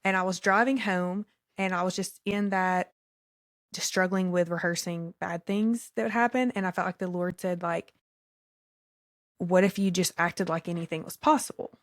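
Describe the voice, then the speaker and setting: Chatty woman podcaster, low pitch, filler-heavy and self-deprecating, dry sound. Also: fairly even intonation, moderate pace, no echo. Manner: rambling, many "like" and "you know" fillers, self-deprecating laughs. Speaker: podcast co-host. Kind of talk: casual faith podcast chat.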